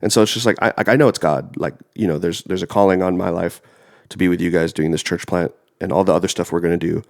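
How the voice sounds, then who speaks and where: Congested young man with a gravelly low voice. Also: fairly even intonation, fast. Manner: rambling, filler-heavy. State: congested from a cold. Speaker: podcast co-host. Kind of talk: casual chat.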